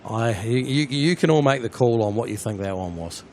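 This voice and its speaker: A man with a New Zealand accent, hosting a live plane-spotting stream, chatty and excitable as he talks to his viewers outdoors at an airport. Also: mid-range voice, fairly quick, a little hiss or hum.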